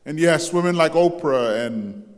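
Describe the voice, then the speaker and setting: An older man delivers a sermon as pastor at an unhurried pace. His voice sits high for a man, and he brings anecdotes to life by acting out the quotes. Long reverb from the church hall trails behind every phrase. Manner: storytelling with acted quotes and animated shifts in pitch. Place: large church sanctuary.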